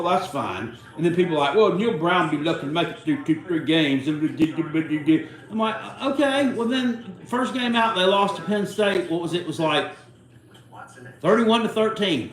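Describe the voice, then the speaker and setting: Guy on a live stream, kinda high voice, rambly and cussing, echoey room. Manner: rambling, salty, cusses freely. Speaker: livestream host. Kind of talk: casual watchalong chat.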